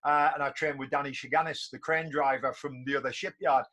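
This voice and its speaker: A man's voice: a little high, fairly even intonation, fairly quick, pushed and bright. A man in his fifties from England, hosting a podcast as a chatty storyteller who often repeats himself. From North East England. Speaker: podcast host. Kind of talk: casual conversational interview.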